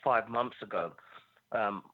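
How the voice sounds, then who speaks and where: A man's voice: lowish voice, slow pace. A man with an Australian accent calling in to a talk show, speaking earnestly in bursts with restarts. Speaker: caller. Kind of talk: phone-in call. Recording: tinny phone line.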